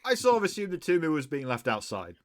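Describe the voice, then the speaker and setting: A man narrating as game master of a tabletop game, relaxed and full of fillers. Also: on the high side, fast.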